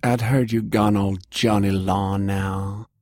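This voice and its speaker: A man's voice: fairly low pitch, little pitch movement, takes it slowly, darkish tone, no room sound, studio quality. A man putting on a cocky, brash woman brawler. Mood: taunting. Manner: mocking and cocky.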